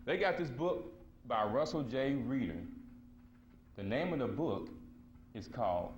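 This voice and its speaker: A man's voice: mid-range voice, expressive, a little slow, slight background noise. Blunt slangy man lecturing. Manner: blunt, slangy and emphatic, acting out quoted voices. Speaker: conference speaker. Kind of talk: casual storytelling lecture to a live audience. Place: conference hall before an audience.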